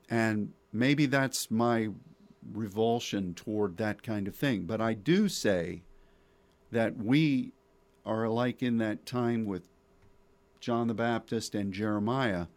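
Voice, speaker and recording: A man hosting Christian radio talk, preaching emphatically with rhetorical questions and repeated words. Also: medium pitch.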